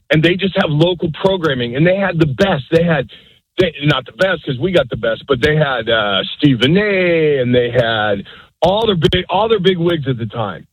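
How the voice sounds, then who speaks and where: A man's voice: fairly high pitch, a bit bright, slightly rough, no room sound. A man calling in to a radio show, rambling and restarting his points, heard over a dull lo-fi line. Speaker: radio caller. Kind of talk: rambling call-in comment.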